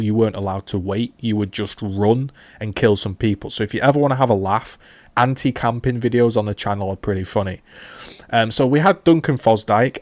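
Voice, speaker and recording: A man's voice: mid-range voice, dry recording. A man, a gaming YouTuber casually rambling through a retrospective with many fillers and restarts.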